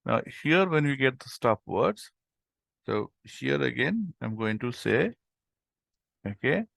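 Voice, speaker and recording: A man walks through a programming tutorial at an unhurried pace, talking his way through each step as he types. His voice is gravelly, recorded close and dry with no room around it, and he fills the gaps with okay and um. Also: mid-range voice, very animated, a bit bright, no room sound. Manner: thinks aloud while typing, many fillers like okay and um. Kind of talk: screen-recorded coding lesson.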